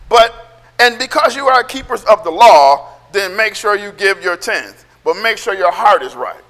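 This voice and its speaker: A man preaching a sermon, loud and emphatic, almost yelling, and calling for amens from the congregation. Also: sits high, long reverb tail. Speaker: pastor.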